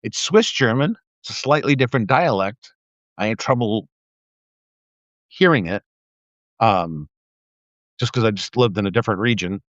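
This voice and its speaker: An older man with a lowish, fairly bright voice and lively intonation rants about politics on a livestream at a moderate pace, leaving long pauses. He curses and ridicules, tripping into restarts when heated. The audio is dull, dry, and lo-fi, with no room sound.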